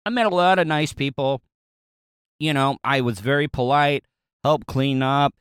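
A man with a Southern US accent spins a loose, casual story straight to his audience. His voice is smooth and clear, recorded dry and close with no room sound. He rambles, backtracks and chuckles as he goes. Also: medium pitch, moderate pace, a bit bright, no echo. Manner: rambling, with frequent fillers, restarts and chuckles.

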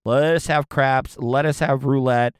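A man's voice: mid-range voice, steady tone, a little slow, smooth, no echo, clean studio sound. A young man ranting casually with lots of profanity, often stumbling and repeating words as he reacts to news clips. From Florida, US.

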